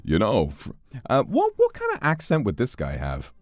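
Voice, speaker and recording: A man's voice: mid-range voice, huge pitch swings, normal speed, no echo. A man streaming a game, reading its text aloud and joking in casual commentary. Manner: playful, reads game text aloud and jokes.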